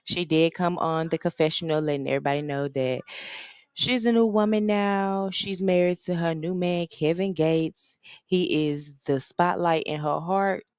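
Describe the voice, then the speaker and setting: A woman's voice: lowish voice, moderate pace, clear, resonant tone, no room sound, clean studio sound. A woman recapping a reality TV show in a casual, slangy, gossipy way. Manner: slangy, gossipy, animated storytelling.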